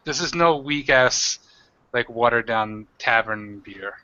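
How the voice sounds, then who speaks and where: A man's voice: mid-range voice, measured pace, bright, forceful tone, muffled recording. A man narrating as game master of a tabletop game, in a rambling way with many fillers.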